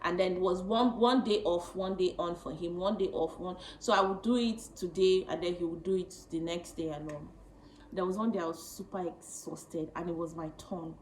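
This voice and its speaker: A woman in her late twenties telling a personal story to camera, chatty and animated, often laughing. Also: fairly low pitch, moderate pace, echoey room, a little hiss or hum, rough recording. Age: late 20s. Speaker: vlogger.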